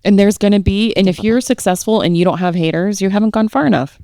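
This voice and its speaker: A woman's voice: medium pitch, fast, warm tone, dry recording. A woman talking casually in a podcast conversation, blunt and emphatic, coaching with freely dropped swear words. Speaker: guest, tarot reader.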